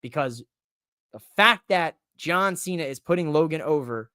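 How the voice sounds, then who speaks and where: A man hosting a podcast, ranting casually about wrestling in an animated, profane, joking way. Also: on the high side, normal speed, dry recording, studio quality. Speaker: podcast host. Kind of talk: casual wrestling recap rant.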